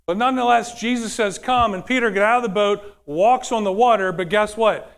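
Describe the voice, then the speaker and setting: A man's voice: high-pitched, brisk, fairly bright tone, smooth. A man preaching a sermon in a conversational way, often asking the audience questions.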